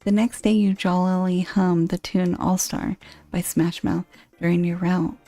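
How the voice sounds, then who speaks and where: A woman reading a dating game's text aloud, with dry, deadpan asides. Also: lowish voice, a little slow, creaky, no room sound.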